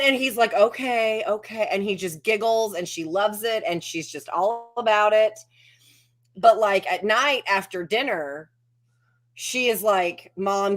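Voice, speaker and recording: A woman chatting casually over a video call, telling stories and acting out what others say. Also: medium pitch. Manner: chatty storyteller who acts out quotes. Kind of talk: casual chat.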